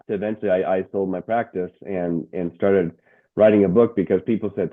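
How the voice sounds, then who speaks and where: Guest: middle-aged male coach, lowish voice, tinny phone-line sound, animated, trips over repeats. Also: fairly quick. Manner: animated, stumbling restarts and word repeats. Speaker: guest, motivational speaker and coach. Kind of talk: casual interview storytelling.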